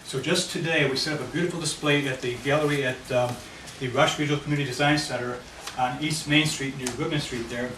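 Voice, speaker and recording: A man's voice: medium pitch, fairly even intonation, fast talker, hardly any pauses, a bit bright. Guy presenting his neighborhood plan at a meeting, mic far away, lots of background noise. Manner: walks listeners through a handout map. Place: meeting room. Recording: echoey room, mic far off, noisy.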